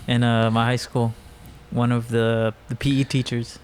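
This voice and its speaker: A young man guesting on a casual podcast. He speaks in a flat, even tone and rambles through his stories, full of pauses and fillers. A faint hiss runs under the recording. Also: mid-range voice. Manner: rambling, hesitant, lots of fillers. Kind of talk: casual storytelling.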